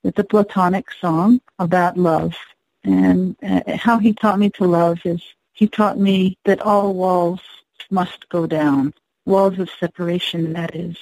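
A singer-songwriter woman from the Navajo Nation, telling an unhurried, reflective story to introduce one of her songs. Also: lowish voice, steady tone, darkish tone, dry recording, rough recording. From Navajo Nation, US Southwest.

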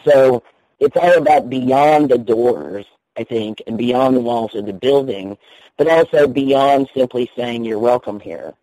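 A man's voice: mid-range voice, a little slow, dark tone, no room sound, low-quality recording. A man with a North Carolina Southern accent, a minister guest in a radio interview, telling a personal story in a chatty, candid way. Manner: chatty, candid, laughs easily.

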